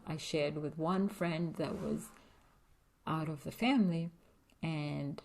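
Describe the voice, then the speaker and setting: In a low, dark-toned voice, a woman vlogger with a young daughter shares a personal story in a confiding way. She uses many fillers and often drops into a whisper.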